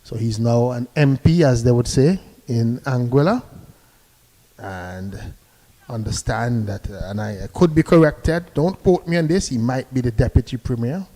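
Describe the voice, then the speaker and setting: A man giving live cricket commentary, chatty and relaxed, sending greetings to listeners between deliveries. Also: mid-range voice, a little slow.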